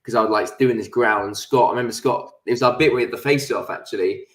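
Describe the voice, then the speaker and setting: A man's voice: medium pitch, fast talker. A young man chatting casually as an interview guest, laughing often and swearing freely over a video call. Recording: echoey room.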